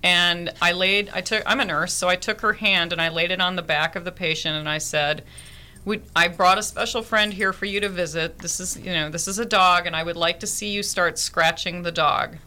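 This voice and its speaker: A woman's voice: lowish voice, fairly even intonation, normal speed, bright, forceful tone. A woman nurse and therapy dog handler telling heartfelt stories in a radio interview, earnest and vivid.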